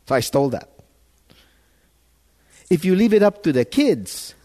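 A pastor preaching a sermon with emphasis, often restarting his words and swinging between loud and quiet. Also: on the high side. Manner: emphatic, repeats words, rises and falls in loudness.

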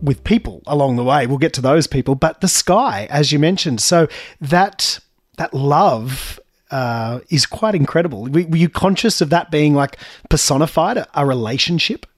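Husky man asking interview questions. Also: a little high, lively intonation, normal speed, no echo.

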